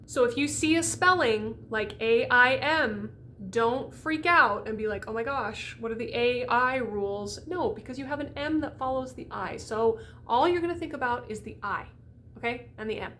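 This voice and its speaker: A chatty woman teaching diction to singers, her voice sitting a little high. She keeps checking in with the listener, and a faint hum of room noise runs underneath. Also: expressive, moderate pace, sharp tone. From United States. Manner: chatty, often checks in with "okay?". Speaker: voice coach. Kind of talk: diction lesson to camera.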